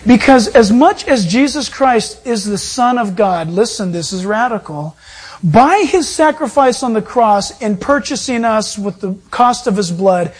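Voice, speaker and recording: A man's voice: very high voice, husky. A male pastor and Bible teacher delivering a sermon, preaching emphatically with repeated phrases and rising emphasis.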